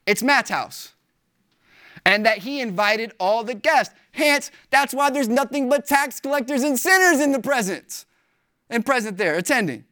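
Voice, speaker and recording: A pastor preaching a sermon. The delivery is animated and emphatic, with casual slang. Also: medium pitch, unhurried.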